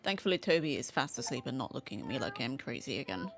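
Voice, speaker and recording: A woman's voice: extremely low pitch, sing-song, quick pace, over music. A woman streaming a casual game from home, chatting playfully and talking to the cats on screen. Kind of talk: casual gameplay commentary.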